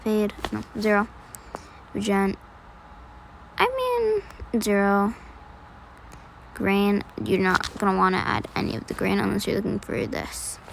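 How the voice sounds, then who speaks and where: A woman's voice: mid-range voice, animated, unhurried, vocal fry, long pauses, a little hiss or hum, poor audio. Chatty young woman giving an editing tutorial. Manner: chatty, self-deprecating, rambling with fillers. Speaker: video editing tutorial creator. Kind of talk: casual screen-recorded tutorial voice-over.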